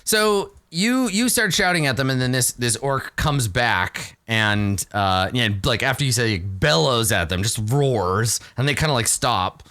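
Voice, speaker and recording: A man's voice: mid-range voice, lively intonation, a little slow, few pauses, sharp tone. A man narrating as game master in a tabletop game, loose and chatty with many fillers.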